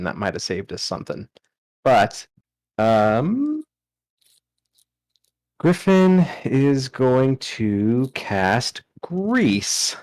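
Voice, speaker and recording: A man plays in a tabletop game, talking casually and checking rules in a relaxed way. His pitch moves around a lot as he speaks. The sound is dry, as if he is close to the mic. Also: no room sound. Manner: asks rules questions in a relaxed way.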